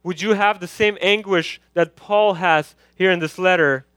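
Earnest high-voiced male preacher. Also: unhurried, a bit bright, smooth, no room sound. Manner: earnest, urgent preaching with frequent fillers. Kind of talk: evening sermon with prayer.

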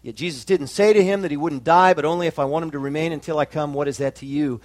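A pastor preaching a sermon with emphatic, rising climaxes and slow drawn-out phrases. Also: male voice, fairly high pitch, fairly even intonation, no echo.

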